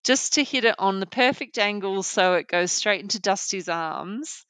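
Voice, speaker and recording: A woman's voice: medium pitch, lively intonation, moderate pace, fairly bright tone, clear, resonant tone, dry recording. An Australian woman co-hosting a podcast, chatting enthusiastically and thinking aloud as she talks. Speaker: podcast co-host. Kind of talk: casual chat.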